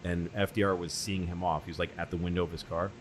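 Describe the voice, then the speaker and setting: A man hosting a comedy podcast, telling stories in a rambling, animated, profane way. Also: low voice, fast talker. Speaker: podcast host. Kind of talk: casual comedy podcast storytelling. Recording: noisy podcast recording.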